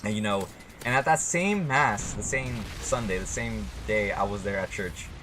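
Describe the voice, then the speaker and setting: Low-voiced young man, rambling and profane. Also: moderate pace, background noise. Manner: rambling, swears a lot, blunt. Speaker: vlogger. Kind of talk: casual storytelling to camera.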